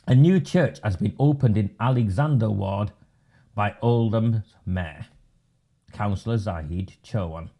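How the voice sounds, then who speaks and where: A man's voice: lowish voice, warm tone. A man hosting a live webinar, delivering sarcastic, mocking commentary. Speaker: webinar host and political campaigner.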